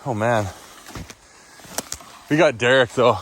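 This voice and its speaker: A man banters with hunting friends outdoors in the woods, joking and laughing easily. His pitch is middling. A faint hiss sits behind his voice. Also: slow pace, a bit bright. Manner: jokey, laughs often. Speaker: hunting companion. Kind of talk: casual banter.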